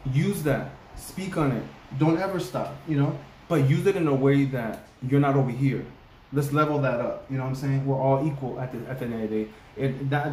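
A man's voice: medium pitch, darkish tone. A man co-hosting a reaction video, talking rawly and emotionally, close to tears, repeating himself for emphasis. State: on the verge of tears. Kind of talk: emotional casual reaction talk. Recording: roomy echo, faint background noise.

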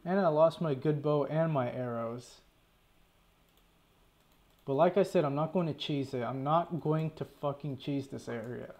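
Fairly high in pitch with a darkish tone, the man speaks at a measured pace. He's a gaming channel host giving casual let's play commentary on his own gameplay, muttering to himself, tense, irritated, and often cursing.

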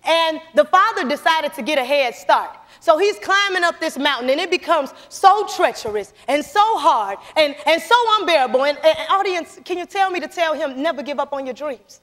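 A young woman giving an animated motivational speech in a church, calling out to the audience as she tells stories. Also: high voice, normal speed, few pauses. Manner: animated, calls to the audience, storytelling. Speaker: motivational speaker. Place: church sanctuary. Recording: long church hall reverb.

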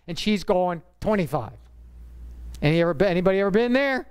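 A man's voice: sits high, fast talker, clean tone. A middle-aged man preaching a sermon as pastor, telling stories in an emphatic, conversational way. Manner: animated storyteller, emphatic and conversational.

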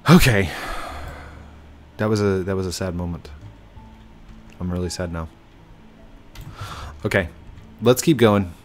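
A man's voice: low-pitched, a little slow, long pauses, soft background music. A man doing casual gameplay commentary, apologetic yet firm as he lectures players about rule breaking. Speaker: gaming YouTuber.

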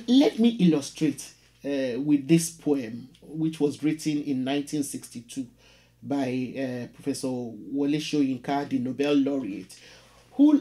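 A man narrates a history lesson and reads poetry at an unhurried pace. His pitch moves a lot, and he leaves measured pauses between phrases. Now and then he stumbles over a word and restarts. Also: dark tone. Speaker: host of an educational history channel.

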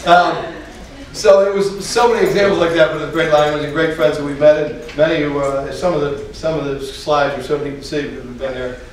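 A man's voice: on the high side, fairly even intonation, brisk, a little hiss or hum. A man telling funny anecdotes in a chatty, meandering way, often restarting and laughing as he goes. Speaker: speaker. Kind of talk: storytelling talk with jokes. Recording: distant, echoey room, faint ambience.

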